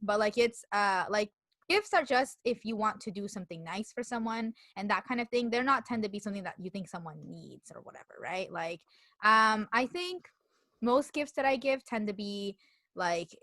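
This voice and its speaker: In clean studio audio with no room sound, a young woman podcast co-host chats casually, telling stories with lots of laughter and "like." She has a mid-range, fairly bright voice, animated at a moderate pace.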